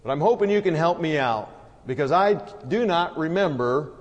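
An elderly blind bunny rabbit from a preacher's joke, as a man puts him on. The voice is a bit high and homespun. Long hall reverb hangs behind every word. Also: expressive, normal speed, dull audio, lightly acted. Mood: folksy. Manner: folksy joke-telling delivery.

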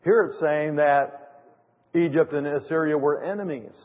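A man's voice: on the high side, measured pace. Man preaching a sermon, emphatic, long hall echo on thin lo-fi audio. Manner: emphatic, sarcastic mock quotes. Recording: tinny phone-like audio in a reverberant hall.

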